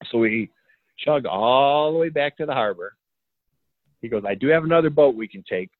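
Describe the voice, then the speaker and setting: A man's voice: mid-range voice, moderate pace, no echo. Man telling a hunting story over a tinny line. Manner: animated, acts out quoted dialogue, chuckles often. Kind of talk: casual storytelling. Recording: tinny phone line, dry.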